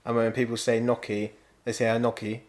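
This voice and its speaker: A man's voice: mid-range voice, completely flat delivery, a little fast, a little mellow. A man, a podcast co-host ranting casually and swearing. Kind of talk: casual chat.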